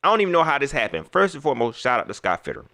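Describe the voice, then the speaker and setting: A man running a casual sports talk livestream, talking straight to his viewers in loose slang and repeating himself. His pitch swings widely as he gets worked up, and his tone is bright and forceful. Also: very animated, rapid-fire. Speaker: sports talk show host.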